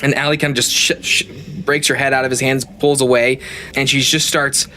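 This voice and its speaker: Male game master, easygoing narration with fillers, mid pitch, faint noise. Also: a little fast. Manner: relaxed, hesitant, frequent fillers.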